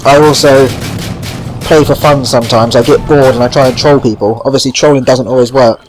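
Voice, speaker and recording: A man's voice: medium pitch, steady tone, fairly quick, music in the background. A man giving casual gameplay commentary, rambling and chatty and swearing now and then. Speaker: gaming channel host.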